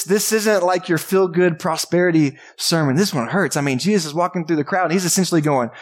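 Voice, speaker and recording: A man's voice: high-pitched, brisk. A man, a pastor, preaching a casual, joking sermon in a church and acting out voices from the crowd. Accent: Texan. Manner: conversational, jokey preaching with acted-out voices. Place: church sanctuary.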